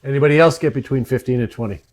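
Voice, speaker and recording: A man's voice: mid-range voice, very fast, a little mellow. A man running a tabletop game as dungeon master, calling for dice rolls and narrating the action.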